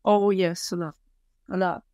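A woman's voice: fairly low pitch, steady tone, mellow, no room sound. A woman in her fifties from Quebec City, speaking English with a French Canadian accent as a guest in a casual interview, blunt and emphatic. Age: 50s. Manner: blunt, emphatic, deliberate phrasing.

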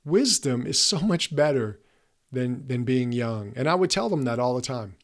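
A man in his fifties speaks as a podcast host, coaching his listeners in an earnest, emphatic way. His voice sits at an ordinary middle pitch for a man. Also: lively intonation, normal speed. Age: 50s. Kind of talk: motivational podcast talk.

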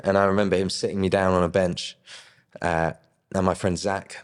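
A young man casually telling his personal faith story, with lively quoted dialogue and chuckles. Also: low-pitched, a little fast, in a large hall. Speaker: guest sharing his faith testimony.

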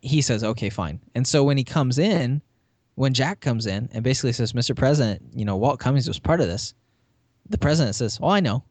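A man's voice: medium pitch, brisk, darkish tone, no room sound. A man co-hosting a podcast, chatty and full of "you know", retelling a TV episode with laughs. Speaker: podcast co-host. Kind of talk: casual chat recapping a TV episode.

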